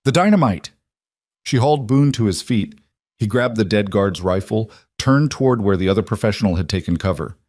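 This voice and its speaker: A man narrating a scripted western story in a steady, even way. His voice sits low. The sound is dry and close. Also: brisk, no room sound.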